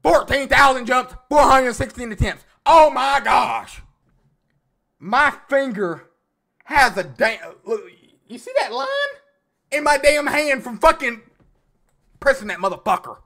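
A man giving loud, profane, frustrated commentary while playing a video game. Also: very high voice, animated, a little slow, creaky, long pauses. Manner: loud outbursts and yelling. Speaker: gaming video creator. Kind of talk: gaming commentary.

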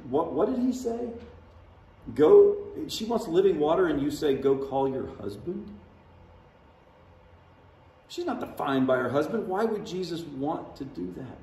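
A high-pitched, darkish-toned male voice belongs to a pastor giving a conversational sermon with dramatically voiced quotes. The sound is distant and echoey, recorded in a large church sanctuary.

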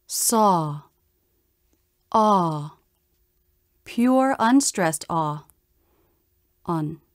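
A woman teaching pronunciation in slow, careful scripted narration, demonstrating vowel sounds. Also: a little high, a little mellow, no room sound, studio quality.

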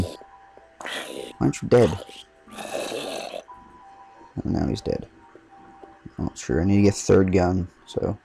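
A man's voice: deep voice, very animated, slow pace, vocal fry, long pauses, mellow, soft background music. A man giving casual, joking gameplay commentary with trash talk. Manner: joking, trash-talking, reactive.

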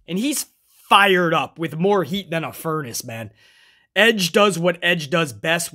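A man's voice: on the high side, a bit bright. A man recapping a wrestling show in casual commentary, swearing freely, tagging phrases with "man" and calling himself by name in the third person.

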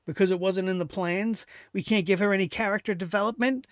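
A man's voice: high-pitched, steady tone, fairly quick, no echo, studio quality. A man hosting a wrestling review show, giving solo commentary in a sarcastic, exasperated rant that turns profane.

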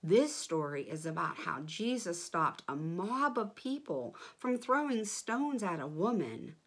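A woman's voice: fairly low pitch, very animated, a little slow, a bit bright, breathy edge. A woman leading a children's church lesson, speaking in an encouraging way to kids.

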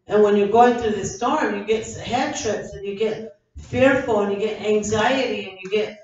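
A woman's voice: medium pitch, normal speed, a little mellow. Fervent woman pastor in an echoing church. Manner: fervent, repetitive preaching with many restarts. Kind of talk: evening sermon. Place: church sanctuary. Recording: echoey hall from a distant mic, dull sound.

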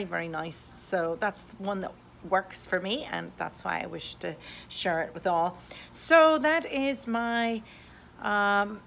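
A woman's voice: lowish voice, fairly bright tone, a little hiss or hum. A woman realtor from Europe giving an upbeat video update from home on a desktop microphone, positive and full of "uh" fillers. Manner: enthusiastic and positive, with many "uh" fillers. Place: indoors at home. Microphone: USB desktop condenser microphone.

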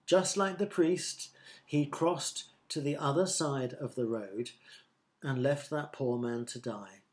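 A man voicing Jesus as a gentle, firm storyteller in a children's Bible story. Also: medium pitch, takes it slowly, natural voice. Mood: storytelling. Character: kindly calm male storyteller teacher Jesus.

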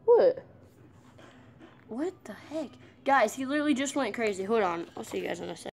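A woman's voice: fairly high pitch, expressive, quick pace, gravelly, a little hiss or hum. A young woman vlogging at home in a casual, playful, teasing way. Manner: playful, teasing trash talk. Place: house, indoors and outside.

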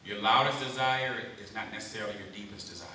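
A man giving a lively youth sermon at a camp, often calling out questions to his listeners. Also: on the low side, fast talker, a little hiss or hum. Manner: lively, calls out questions to the crowd. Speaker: camp speaker. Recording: very echoey hall, mic far off.

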